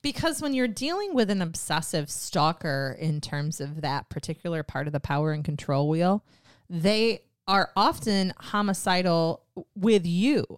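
A woman's voice: lowish voice, expressive, unhurried, clear, resonant tone, no echo, clean studio sound. A woman co-hosting a true crime podcast, giving reflective, analytical comments on the case. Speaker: podcast co-host.

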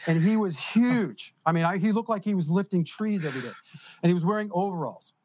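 A man telling a story in casual conversation as a podcast guest, animated and laughing as he goes. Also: high voice, a little fast.

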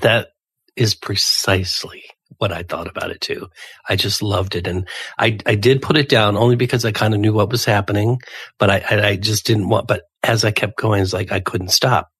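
Male podcast host, husky low voice, dry close sound, warm and enthusiastic. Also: steady tone, normal speed, no room sound. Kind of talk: casual interview chat.

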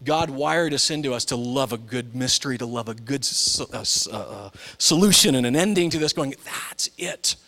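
Casting: male pastor, forties, lively sermon delivery with big swings from hushed to loud high voices. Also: fairly quick, hardly any pauses. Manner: animated, swings from soft and low to loud high-pitched impressions. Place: church.

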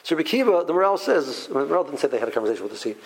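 A man teaching a Torah class in an animated way, full of rhetorical questions and restarts. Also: a little high, rapid-fire, vocal fry, low-quality recording.

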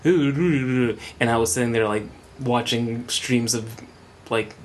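A man's voice: medium pitch, takes it slowly. Dry, teasing male podcast co-host. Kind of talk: casual chat. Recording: faint background noise.

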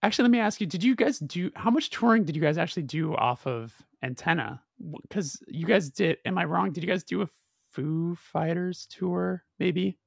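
A man hosting a casual interview, his voice a little higher than most and full of gravelly fry. He asks long, wandering questions with plenty of restarts, recorded close and dry. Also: lively intonation, normal speed, no room sound. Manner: loose, rambling questions with fillers and restarts. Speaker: podcast host.

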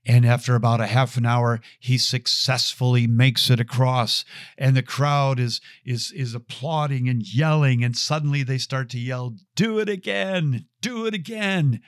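A man speaks at a middle pitch in an earnest, storytelling way, teaching about faith and returning to key phrases for emphasis. The sound is dry and close, with no room around it. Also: level tone, moderate pace, dry recording. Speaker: Catholic speaker. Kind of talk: podcast teaching.

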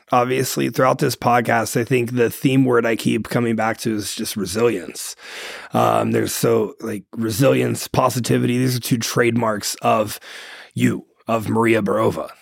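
Male podcast host, very gravelly and husky voice, casual and laid-back. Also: mid-range voice, no room sound, studio quality. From Hungarian heritage. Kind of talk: casual interview questions.

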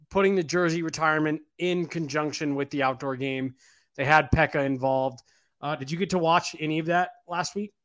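A man's voice: on the high side, fairly bright tone. A man co-hosting a casual sports podcast, talking in a rambling way with a numb mouth after dental work. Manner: rambling, many fillers and restarts, casual swearing. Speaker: podcast co-host and writer.

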